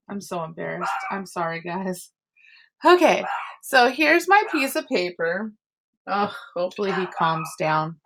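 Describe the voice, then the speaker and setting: A woman's voice: mid-range voice, big pitch swings, unhurried, background noise. A woman art teacher teaching an online class from home over a computer mic, explaining step by step with chatty asides. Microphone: computer mic on a video call.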